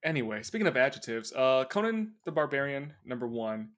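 A man's voice: medium pitch, big pitch swings, brisk, a bit bright. A man co-hosting a comic podcast, playful and rambling, often breaking into laughs. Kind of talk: casual podcast banter.

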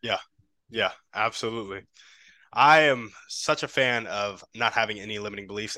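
A man's voice: fairly low pitch, bright, forceful tone, no echo. A man hosting a podcast, affirming his guest and asking long, thoughtful questions. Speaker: podcast host. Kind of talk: interview questions.

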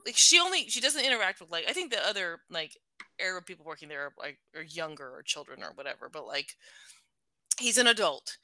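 A middle-aged woman in a casual book talk, her voice very bright and sharp. The sound is dry and close, with no room around her. She talks in an animated way, laughs often, and fills her sentences with "like.". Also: fairly low pitch, fairly quick, no room sound.

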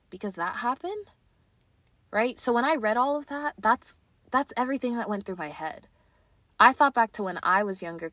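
A woman's voice: fairly low pitch, fairly bright tone, dry recording. A young woman hosting a podcast, talking earnestly and casually with lots of "like" and "right?". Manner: earnest, chatty, many "like" and "right?" fillers. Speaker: podcast host. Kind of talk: casual confessional chat.

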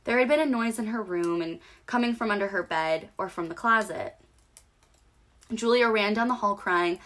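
A woman's voice: medium pitch, moderate pace, fairly bright tone. A woman co-hosting a podcast, reading a short horror story aloud in a casual, giggly way. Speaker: podcast co-host.

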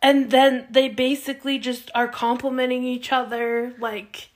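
As a podcast co-host, this woman gives a casual, animated recap of a TV show, performing the quoted lines herself. She speaks at a measured pace in a high-pitched voice.

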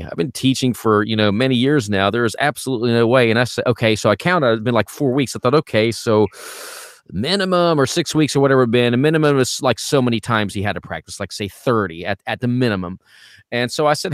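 A middle-aged man talks in a loose, rambling way, restarting his sentences with repeated words. His pitch is ordinary for a man, and the recording is dry and close with no room sound. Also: a little fast, no room sound. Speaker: vocal coach and podcast co-host. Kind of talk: casual podcast chat.

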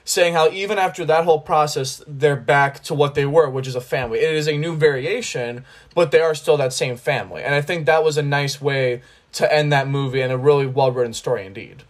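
A man's voice: fairly high pitch, brisk. A man hosting a podcast, chatting about a film in an enthusiastic, rambling way with many restarts. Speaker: podcast host. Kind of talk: casual film discussion.

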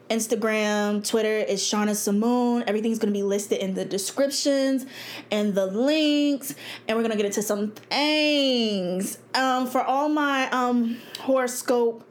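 Chatty blunt young woman podcaster. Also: on the high side. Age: 20s. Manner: blunt, chatty, laughs often. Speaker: podcast host. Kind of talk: casual solo podcast talk.

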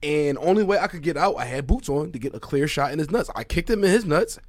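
Fast-talking young man, casual podcast chat. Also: a little high, dry recording, studio quality. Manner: animated, swears freely, laughs a lot. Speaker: podcast co-host.

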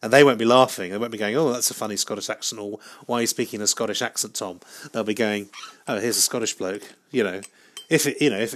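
A man hosting a solo podcast, rambling through a comic monologue in a deadpan, self-mocking way with frequent hesitations and restarts. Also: lowish voice. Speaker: podcast host.

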